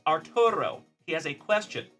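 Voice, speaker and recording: Over faint background music, a South Texas man in middle age runs a relaxed card-break stream, cheerfully welcoming viewers by name. He speaks at normal speed in a slightly high, sing-song, somewhat bright voice.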